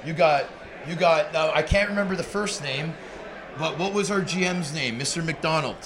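High-voiced host over bar crowd noise. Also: male voice, moderate pace. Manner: eager, affirming, leads with questions. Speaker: podcast host. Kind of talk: casual interview chat. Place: sports bar, live taping.

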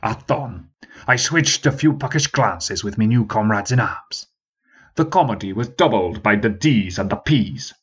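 A man reading a story as narrator, in an expressive storytelling manner. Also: lowish voice, unhurried, husky, lo-fi sound. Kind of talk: scripted narration.

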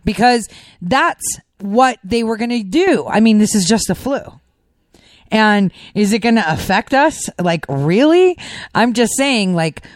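A woman's voice: on the high side, animated, unhurried, dry recording, studio quality. A middle-aged woman hosting a political podcast, giving sarcastic, rambling commentary in a conversational way. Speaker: podcast host.

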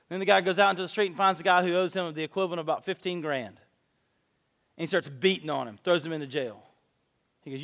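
Male pastor, higher-pitched voice, animated sermon delivery, long hall reverb. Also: quick pace. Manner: animated storytelling with acted-out dialogue.

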